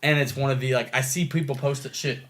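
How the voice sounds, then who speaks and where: A young man co-hosting a podcast, telling stories in an excitable, animated way and swearing freely. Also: medium pitch, fast, slight background noise. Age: young adult. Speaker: podcast co-host. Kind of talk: casual chat.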